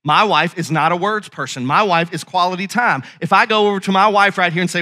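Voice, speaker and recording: A male pastor preaching a sermon with passion, asking his congregation questions and rising to shouts. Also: high voice, fairly quick, hardly any pauses.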